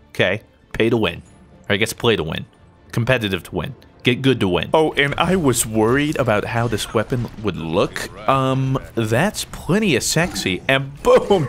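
A young gaming YouTuber with a medium-pitched voice gives playful, jokey commentary over his own gameplay. He swings between excited yelps and mock-serious asides.

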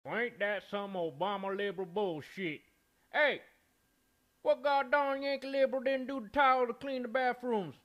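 A man's voice: very high voice, normal speed, dull audio. A man's synthesized voice playing a grumpy, overweight conservative firefighter who curses constantly. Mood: angry. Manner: cursing, cranky.

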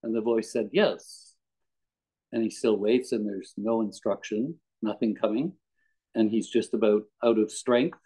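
A man's voice: on the low side, fairly even intonation, normal speed, dark tone, poor audio. A man giving a conversational devotional talk as a guest speaker, mixing anecdotes and readings and chuckling often.

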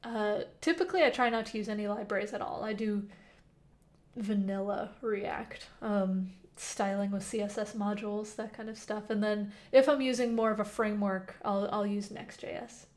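A young woman streams casual live coding from a temporary home, speaking through a headset mic at medium pitch and a moderate pace, her tone darkish. Chatty throughout, she reads chat out loud and answers questions with frequent fillers.

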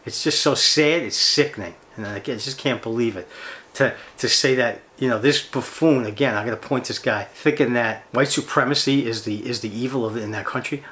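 A middle-aged man from the States who hosts a fishing channel and is in full rant mode. His voice sits in an ordinary male middle range, but he keeps jumping up in pitch with indignation and firing off rhetorical questions. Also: a little fast, a bit bright. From United States. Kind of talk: heated ranting monologue.

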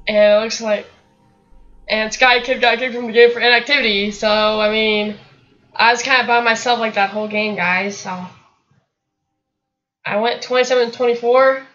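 A young woman giving live commentary over her own shooter gameplay, muttering in frustration and breaking into excited outbursts. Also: on the high side, normal speed, pauses often, dull audio, soft background music. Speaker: gaming commentator. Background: gunfire from the game.

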